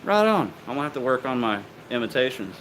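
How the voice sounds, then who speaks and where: A man hosting a bladesmithing live stream, relaxed and joking, swearing casually as he signs off. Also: mid-range voice, fast, a crowd in the background, rough recording. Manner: relaxed, joking, swears freely, many fillers.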